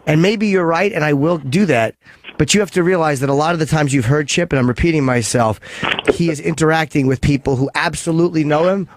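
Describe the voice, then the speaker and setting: A male radio host fields callers in loose, crude chat that keeps cutting itself off. His voice sits a little high. The studio sound is close and dry, with no room in it. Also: no echo. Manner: rambling, self-interrupting, crude. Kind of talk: casual radio talk taking calls. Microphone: studio microphone.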